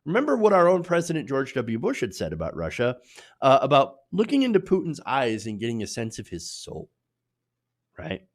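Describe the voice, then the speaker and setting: A man delivers political commentary in an opinionated, conversational way. His pitch swings widely as he argues his points, sitting at a middling register. He leans on fillers and tag questions as he goes. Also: normal speed. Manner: animated, opinionated, filler-heavy delivery with frequent "uh" and "right?".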